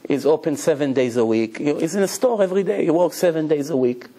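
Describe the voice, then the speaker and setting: A rabbi giving a Torah lecture, animated and acting out little dialogues as he preaches. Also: quick pace. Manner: animated, acts out dialogue with big pitch swings.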